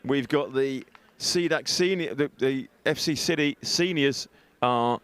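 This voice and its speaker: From an outdoor stadium, a man commentates a live football game over an earpiece headset, chatting, joking, laughing often and making self-deprecating remarks. His mid-range voice is a bit bright and clean, delivered at a measured pace.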